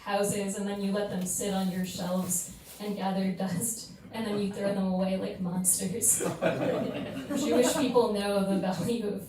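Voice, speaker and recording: A woman's voice: medium pitch, fairly even intonation, measured pace, noisy background. A woman doing a stand-up debate, hesitant and giggly, full of fillers. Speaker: comedian debater. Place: comedy club stage. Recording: echoey room, far from mic.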